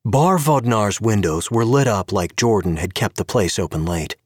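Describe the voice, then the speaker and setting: A man giving an expressive scripted narration of an audio story. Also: lowish voice, normal speed, no room sound, clean studio sound.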